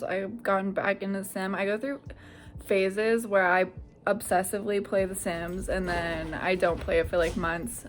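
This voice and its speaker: A woman's voice: medium pitch, slight background noise. A young woman in her twenties, a nursing student, chatting casually to camera in a rambling way, full of "like" and "I don't know". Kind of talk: casual vlog chat.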